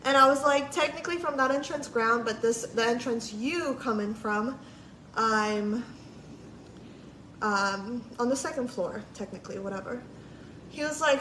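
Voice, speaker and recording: On a livestream, a woman vlogger casually tells a long story, quoting others, swearing freely and saying "like" often. Her voice is on the high side and a bit bright, at a moderate pace, recorded in an echoey room with faint background noise.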